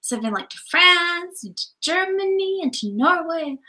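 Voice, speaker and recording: A woman's voice: very high voice, lively intonation, moderate pace, few pauses, sharp tone. A woman in her thirties co-hosting a live stream, chatting casually and playfully breaking into song and rap. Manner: playful, jokey, bursts into song. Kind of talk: casual chat, sings and raps along to songs.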